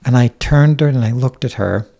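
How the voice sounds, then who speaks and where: Gravelly New man, blunt and candid. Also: medium pitch, moderate pace, warm tone. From Staten Island, New York. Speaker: podcast guest. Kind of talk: casual interview conversation.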